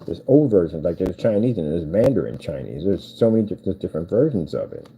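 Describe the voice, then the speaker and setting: A man's voice: low-pitched, very animated, fast talker, gravelly, mellow, low-quality recording. A man chatting casually and rambling as he builds a cardboard project, talking half to himself. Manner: meandering, talks to himself while working. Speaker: vlogger building cardboard PC cases. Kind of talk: casual rambling chat while crafting. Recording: background noise with clicking.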